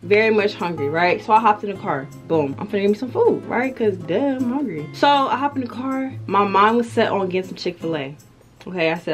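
Music plays behind a young American vlogger as she talks casually to her camera at home, slangy and chatty, cutting herself off mid-thought. Her mid-range voice is expressive and moves at normal speed, recorded on a camera or phone mic.

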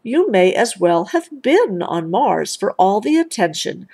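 A stern, fair-minded father bear from a storybook, read aloud by a woman. The voice lectures slowly and swings widely in pitch, with a gravelly edge. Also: sing-song, dark tone, heavily acted.

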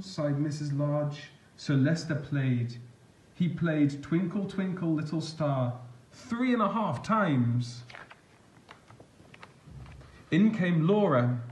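A man reading a picture book aloud as a storyteller, gentle and expressive. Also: a little high, slow pace, long pauses, roomy sound.

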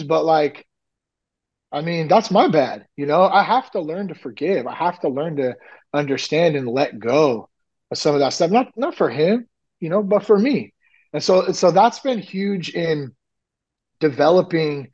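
Man, podcast guest, fairly high voice, rambling candid storytelling, muffled lo-fi sound. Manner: rambling, frequent "like" and "you know", animated retellings. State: nearly ten years sober. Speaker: podcast guest, recovery coach.

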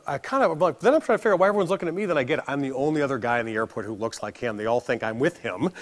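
Animated American man giving a keynote. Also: medium pitch. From United States. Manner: animated storyteller, acts out voices, laughs along. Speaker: keynote speaker. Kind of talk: conference keynote with anecdotes. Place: conference hall stage.

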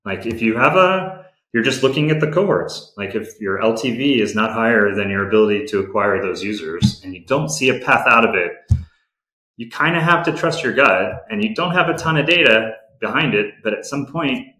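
A man's voice: on the low side, animated, moderate pace, bright, forceful tone, roomy sound, rough recording. A man who runs a game company, answering interview questions in a candid, practical way and often restarting his sentences.

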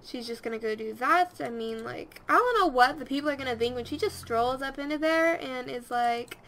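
A woman's voice: high voice, moderate pace, fairly bright tone. A young woman giving rambling, casual commentary over her video game and talking to her characters. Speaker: let's play host.

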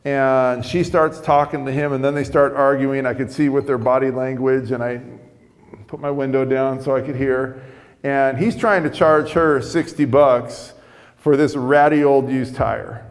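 A man's voice: mid-range voice, steady tone, measured pace, long reverb tail. A man preaching a sermon, telling a story conversationally with frequent restarts.

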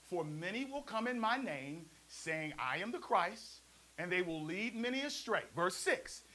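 A man preaching a sermon as pastor, lively and playful, calling on the congregation to answer back. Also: high-pitched, measured pace, a little hiss or hum, low-quality recording. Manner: preachy, call-and-response, playful asides. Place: church service also streamed to a prayer line.

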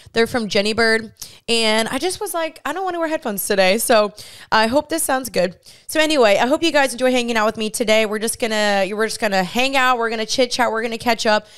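Bubbly woman in her twenties, smooth voice. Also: a little high, a bit bright. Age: 20s. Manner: bubbly, chatty, laughs often. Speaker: podcast host. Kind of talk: casual solo podcast chat. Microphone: studio podcast mic, seen on camera.

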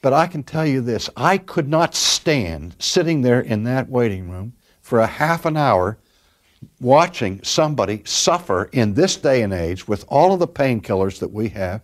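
An older man, a pastor, preaching a sermon and telling stories, dropping his voice soft and then pushing it strong for emphasis. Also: mid-range voice. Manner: storytelling, varies loudness from soft to emphatic.

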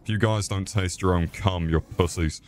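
A man's voice: low-pitched, steady tone, moderate pace, faint music behind. A young man swearing and mocking himself while streaming a game. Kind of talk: crude live-stream commentary.

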